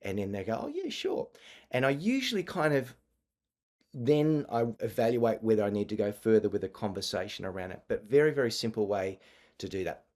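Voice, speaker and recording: A man's voice: lowish voice, brisk, darkish tone. A man presenting an online marketing masterclass over a video call, talking conversationally with frequent fillers and restarts.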